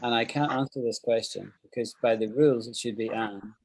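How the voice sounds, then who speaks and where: A man teaching an online English class, upbeat and thinking out loud as he explains. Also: mid-range voice, steady tone, brisk, breathy edge, rough recording.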